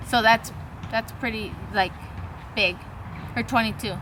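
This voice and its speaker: A young woman vlogger tells a long, rambling personal story in a casual way, swearing freely and acting out what the people in it said. Her voice is a little high, steady, and slightly slow, with background noise behind it.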